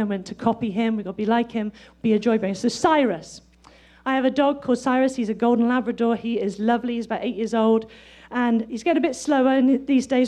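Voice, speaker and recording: A middle-aged woman preaches a sermon in a high, lively voice, sounding excitable and laughing often.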